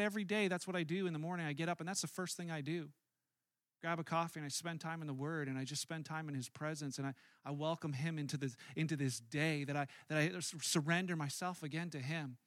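A male pastor delivers a casual, story-driven sermon with a high, very bright and forceful voice. He stays conversational but jumps into loud, animated reenactments of his own frustration. The sound is dry and close, with no room echo.

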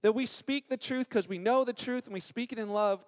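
High-voiced pastor preaching in a reverberant hall. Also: male voice, brisk. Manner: animated storytelling with acted-out quotes. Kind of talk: sermon.

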